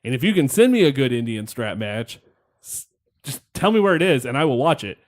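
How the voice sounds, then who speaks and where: A man's voice: mid-range voice, very animated, brisk. A man hosting a podcast, rambling through a wrestling match recap in casual chat, wry and laughing, with the odd swear. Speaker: podcast host.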